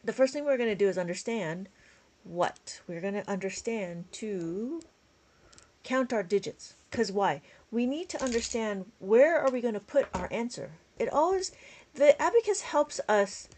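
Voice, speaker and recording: A woman's voice: medium pitch, mellow. Tired, chatty woman teaching abacus. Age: adult with a school-age child. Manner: chatty, laughs often, counts steps aloud. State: tired, yawning. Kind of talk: live-stream math lesson, chatting with viewers.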